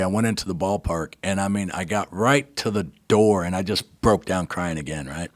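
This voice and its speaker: A man's voice: on the low side, no room sound, studio quality. An older man, a guest on a talk show, tells a personal story with feeling, acting out what people said and often checking in with "right?". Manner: animated narrator, acts out quoted dialogue, keeps asking "right?".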